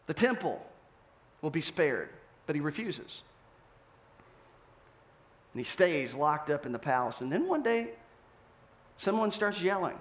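Animated, high-voiced male preacher. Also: measured pace, pauses often. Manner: animated storytelling, acting out scenes. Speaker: pastor. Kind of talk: sermon.

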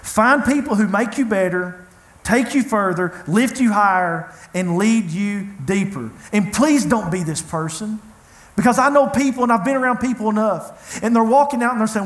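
A man's voice: high voice, expressive, normal speed. A man preaching a sermon, telling a personal story in an earnest, conversational way. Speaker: pastor. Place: church hall. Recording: echoey church room.

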